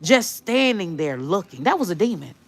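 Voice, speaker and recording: A woman's voice: lowish voice, very animated, normal speed. A woman telling a story in a casual vlog, rambling and dropping tag questions and swear words all the way through. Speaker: vlogger.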